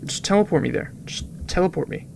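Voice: medium pitch, lively intonation, fast talker, vocal fry, a little mellow, slight background noise. A gaming video creator giving rambling, casual commentary over gameplay, with muttered asides that drop to whispers.

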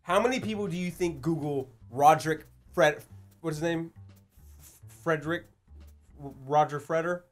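A man's voice: fairly high pitch, normal speed, pauses often, soft background music. A young man hosting a casual guessing game with his siblings, joking and swearing as he reads things out. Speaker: youtuber host.

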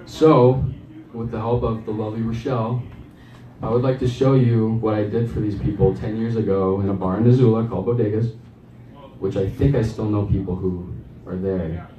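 Rambling comic in an echoey club. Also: male voice, lowish voice, steady tone, normal speed, dull audio, slight background noise. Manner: rambling, self-deprecating, chuckling. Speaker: stand-up comedian. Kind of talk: open mic stand-up set. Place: small comedy club stage. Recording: echoey club, mic far off.

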